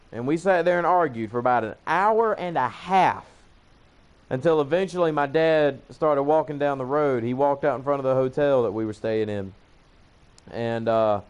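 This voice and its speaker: A man's voice: medium pitch, clean tone. A young man with a Southern US accent casually telling a long, profane story while he plays a game. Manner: profane, rambling, animated. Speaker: gaming channel host. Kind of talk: casual storytelling over gameplay.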